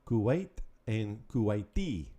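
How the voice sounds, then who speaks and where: A man hosting a Spanish lesson podcast, calling out words, pausing, then giving the answers in an upbeat, patient way. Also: lowish voice, very animated, dark tone. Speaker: Spanish teacher. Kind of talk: podcast language drill.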